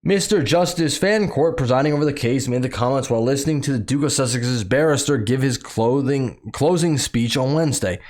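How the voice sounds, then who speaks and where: A man's voice: medium pitch, a little fast, hardly any pauses, a little mellow. A man from the United States reading news excerpts aloud and mocking them in a sarcastic, opinionated commentary. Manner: sarcastic, mocking, laughs at the story; reads news excerpts aloud between his own remarks. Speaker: commentary channel host.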